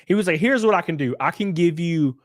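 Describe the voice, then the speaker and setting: A man tells a story on his podcast in a loose, conversational rant. His voice sits a little high for a man. He swears freely and acts out the calls he made. The sound is dry, with no room echo. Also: fairly quick. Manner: animated, profane, acts out his own phone calls. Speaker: streamer and podcast host.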